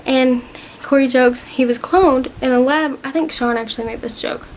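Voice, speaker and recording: A woman's voice: high voice, moderate pace, a little hiss or hum, rough recording. A young woman vlogger casually recapping a TV season, rambling and gushing as she retells scenes.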